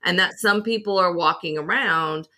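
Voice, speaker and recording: In a casual podcast conversation, a co-host speaks at normal speed in a sharp, lowish voice. She is emphatic and tells stories with animation.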